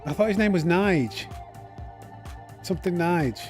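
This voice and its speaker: A man's voice: high voice, expressive, a little slow, a little mellow, faint music behind. Chatty man streaming a race. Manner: chatty, reads out viewer names and thanks them. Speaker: sim racing streamer. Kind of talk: live gaming stream chat.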